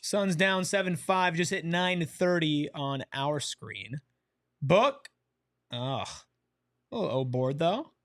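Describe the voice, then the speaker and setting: A man hosting a live game watch-along, reacting to plays and reading viewer chat aloud with excitable energy. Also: on the high side, measured pace, no echo, clean studio sound. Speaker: watch-along show host.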